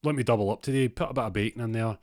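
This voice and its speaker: A man's voice: mid-range voice, very fast, no echo, clean studio sound, lightly acted. A man with a Scottish accent voicing a crude, jokey, hungover shop regular who pleads with the shopkeeper, in a casual spoken story. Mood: boisterous. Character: hungover, cheeky middle-aged male shop regular.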